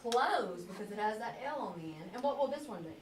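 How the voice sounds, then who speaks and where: Amid crowd noise, a woman teacher with a medium-pitched, expressive voice leads a phonics lesson at a fairly quick pace. She asks patient questions and draws words out as she models them. The recording is echoey, captured from a distance in the classroom with faint hiss.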